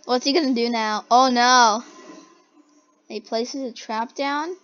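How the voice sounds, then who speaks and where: A young person giggling and gasping while reacting to game clips in a try-not-to-laugh challenge. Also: female voice, fairly high pitch, slow, fairly bright tone, dull audio. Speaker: video reactor.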